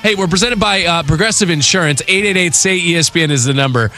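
Bright-voiced male sports radio host. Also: sits high, soft background music. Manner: lively, quick, opinionated. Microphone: studio microphone.

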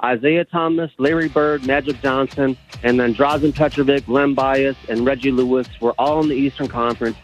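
A male caller with a mid-range voice drives home a bold sports argument. He talks emphatically and rattles off his points rapid-fire. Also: medium pitch, fairly even intonation, soft background music, rough recording.

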